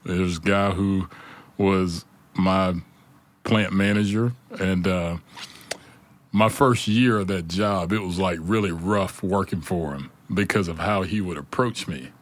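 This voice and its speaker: Man with a deep smooth voice. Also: measured pace. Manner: animated storyteller, laughs often, acts out quotes. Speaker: podcast co-host. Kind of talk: casual storytelling chat.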